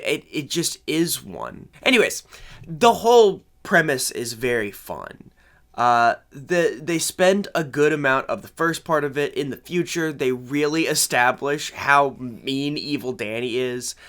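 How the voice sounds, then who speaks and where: A man's voice: medium pitch, sharp tone. A young man thinking aloud at home, giving off-the-cuff commentary that rambles with self-deprecating asides, recorded on a separate microphone. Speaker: commentary host. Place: at home in his room. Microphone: separate microphone synced to camera.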